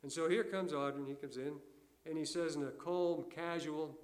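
Folksy older preacher, fairly high voice. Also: male voice, steady tone, normal speed. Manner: folksy storytelling preacher, swings between loud emphasis and quiet asides. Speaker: pastor. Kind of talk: sermon.

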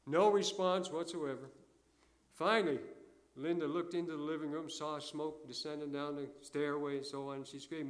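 An older man preaching a sermon in a folksy storytelling way, alternating loud emphasis with quiet asides. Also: fairly high pitch, steady tone, normal speed. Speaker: pastor.

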